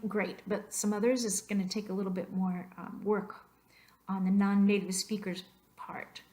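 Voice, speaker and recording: Mellow and mid-range, the voice belongs to a Spanish teacher narrating a slideshow lesson. She gives patient explanations and says example words aloud to illustrate their stress.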